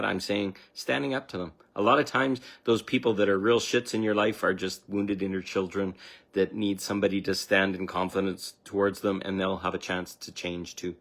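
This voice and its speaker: A man with a fairly low voice gives unscripted spiritual coaching on a livestream. He speaks earnestly and wanders into asides. When he quotes someone else's voice, he jumps up high in pitch. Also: a bit bright. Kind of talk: livestream talk.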